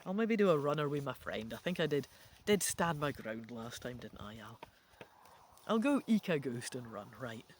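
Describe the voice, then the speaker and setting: A man's voice: mid-range voice, big pitch swings, moderate pace, a little hiss or hum. Man musing through a gamebook. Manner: musing, thinking out loud. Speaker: gamebook reader. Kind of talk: reading a gamebook aloud with chatty asides.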